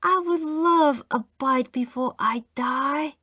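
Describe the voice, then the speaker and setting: A woman voicing a grumpy old grandfather on his deathbed, speaking weakly and hushed. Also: high voice, slow pace, no echo, studio quality, voice pushed up, heavily acted. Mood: wistful.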